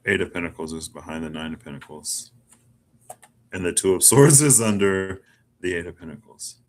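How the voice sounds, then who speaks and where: In a low voice at a moderate pace, a man works through a casual tarot reading for himself. He's musing and rambly, chatting along with plenty of "like."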